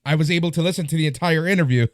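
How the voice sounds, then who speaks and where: A man co-hosting a podcast, chiming in with short remarks and quick recaps. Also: a little high, dry recording, clean studio sound. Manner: brief interjections and quick recaps. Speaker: podcast co-host. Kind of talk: casual wrestling chat, recapping.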